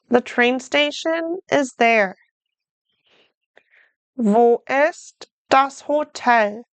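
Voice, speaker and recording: A woman teaches a beginner language lesson at a very deliberate pace. She pronounces each word carefully in a smooth, clear voice that sits a little high. The recording is dry and close, with no room sound. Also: fairly bright tone, no echo. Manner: slow, careful enunciation with repeated examples.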